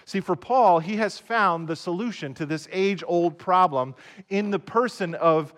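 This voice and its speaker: A man's voice: high voice, a little slow, fairly bright tone. A man preaching a casual, conversational sermon to viewers at home, often repeating words as he restarts. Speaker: pastor. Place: recorded for online viewers at home.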